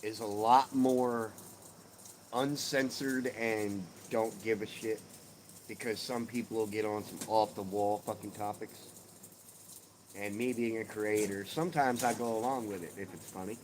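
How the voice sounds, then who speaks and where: In a lowish, steady voice and at a slightly slow pace, a middle-aged man hosts a laid-back live stream from his porch outside. He chats with viewers, cursing freely and joking around, with background noise audible.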